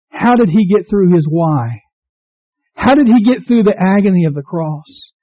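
Male pastor, high voice, impassioned sermon delivery, muffled dry recording. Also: animated, moderate pace, dry recording. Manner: impassioned preaching, rising to cries; reads scripture aloud to the congregation.

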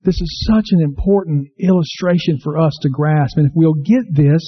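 With a breathy edge to his voice and a normal speaking speed, a pastor preaches earnestly, circling back over his words and questioning the congregation. The recording is low-fidelity and a bit dull.

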